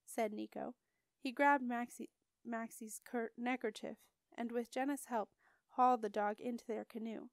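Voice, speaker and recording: A woman reading a children's fantasy audiobook aloud in an even storytelling manner. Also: fairly high pitch, unhurried, creaky, no room sound. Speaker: audiobook reader. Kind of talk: audiobook narration.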